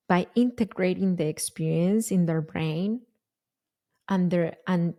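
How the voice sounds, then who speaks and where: Earnest woman host, unhurried and mellow, explains parenting ideas patiently. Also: fairly low pitch. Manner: earnest, slow and deliberate, with frequent restarts. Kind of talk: conversational explanation.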